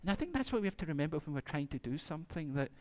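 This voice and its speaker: A man's voice: a little high, sing-song, racing, darkish tone. A man, a minister telling a playful children's story during a church service and acting out the animals.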